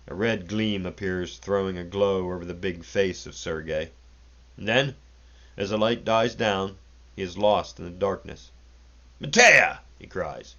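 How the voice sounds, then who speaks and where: A man reading a classic story aloud in a measured, deliberate way. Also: sits low, dull audio. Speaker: narrator.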